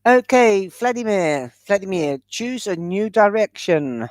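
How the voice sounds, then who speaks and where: A woman reads tarot cards for her live viewers, chatty and generous with endearments. She talks at an unhurried, slow pace. Her voice sounds dry and close, with no room around it. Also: mid-range voice, lively intonation, no room sound. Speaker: tarot reader. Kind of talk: live-stream tarot reading.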